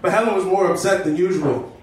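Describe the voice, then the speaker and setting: A man reading a story aloud at a live comedy show, deadpan, with stumbles and asides. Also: high voice, fast. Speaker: comedy reader. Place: live comedy stage indoors. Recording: echoey room, distant mic, noisy.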